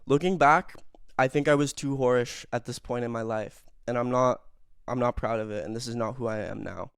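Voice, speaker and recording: A man's voice: medium pitch, brisk, gravelly, clean tone, no room sound, studio quality. A young man telling a rambling, self-mocking story in casual chat, full of fillers and swearing.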